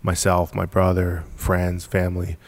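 Gravelly deep-voiced man, blunt and driven. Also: monotone, a little slow. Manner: blunt, driven, swears casually, laughs between points. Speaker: podcast guest, apparel company founder. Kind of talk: casual storytelling interview.

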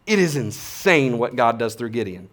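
A man in his thirties preaching a sermon as a pastor, casual and animated, with slang and big swings between quiet and loud. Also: mid-range voice, moderate pace.

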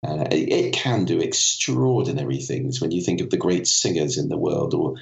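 A man with a very low voice and a cold talks as an interview guest, explaining clearly and acting out vocal effects as examples. The sound is dull and a little roomy, like a remote recording. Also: lively intonation, normal speed. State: has a cold. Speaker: podcast guest, voice and communication expert.

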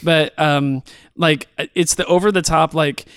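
Clear, slightly high male movie reviewer. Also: fairly even intonation, unhurried, fairly bright tone, no room sound, clean studio sound. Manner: enthusiastic, rambling review. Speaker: movie podcast co-host. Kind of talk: casual chat.

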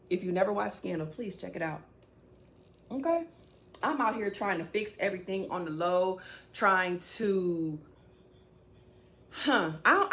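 A woman's voice: mid-range voice, fairly bright tone. A woman speaking casually to her viewers about faith, rambling and addressing them directly. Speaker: faith vlogger. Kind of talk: casual faith-based talk to camera.

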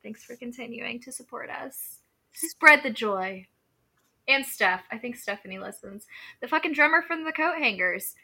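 A woman's voice: fairly high pitch, expressive, normal speed, gravelly, bright, forceful tone, slightly rough. A woman co-hosting a podcast, chatting casually and reading folklore aloud, profane and prone to asides and laughter. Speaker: podcast co-host.

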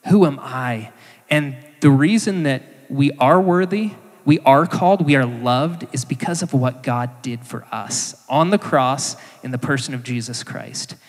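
A male preacher delivering a sermon in a conversational, emphatic way. His voice sits at an ordinary middle pitch. It rings out with a long echo through a church hall. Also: a little slow, hardly any pauses. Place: church sanctuary.

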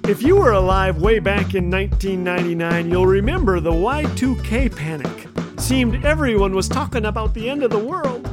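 Wry high-voiced man telling a story. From Canada. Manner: wry storytelling with deadpan jokes. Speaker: radio host. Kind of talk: scripted humorous radio commentary.

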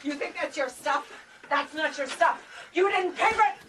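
An actress playing a cruel middle-aged mother who belittles and shouts at her son in a film scene. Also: sits high, normal speed, natural voice. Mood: shrieking. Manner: scornful, shouting. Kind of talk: film drama. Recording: distant film clip with background noise.

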